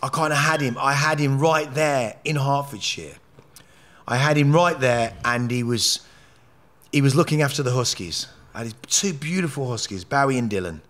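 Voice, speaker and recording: A man telling his life story as a podcast guest, animated and profane, rambling with frequent restarts. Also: mid-range voice, normal speed. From England. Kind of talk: candid interview storytelling.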